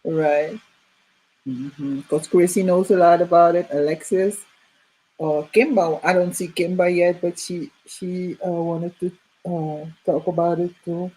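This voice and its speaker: A woman's voice: on the low side, steady tone, measured pace, warm tone, breathy edge, rough recording. A middle-aged woman hosting a casual group chat, rambling with many fillers and restarts.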